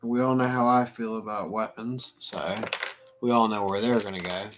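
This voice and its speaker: A man hosting a casual livestream chat, talking in an animated way and bursting into playful shouting impressions. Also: fairly low pitch, normal speed, background noise. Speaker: livestream host.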